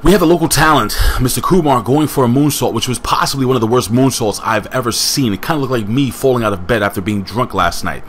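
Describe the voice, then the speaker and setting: A man's voice: medium pitch, fast, hardly any pauses, slight background noise. A man casually reviewing a wrestling show, rambling with joking asides and chatting to a friend off camera.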